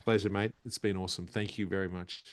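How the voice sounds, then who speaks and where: A man guest comedian in casual interview chat, animated and laughing often as he acts out quotes. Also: deep voice, quick pace. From Australia.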